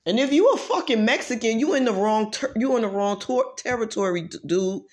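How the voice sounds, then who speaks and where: A woman vlogger in a heated, profane rant who drives her points home by repeating herself and swings between loud outbursts and low muttering. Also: animated, brisk. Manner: profane, emphatic, repeats phrases for force. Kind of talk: heated ranting monologue.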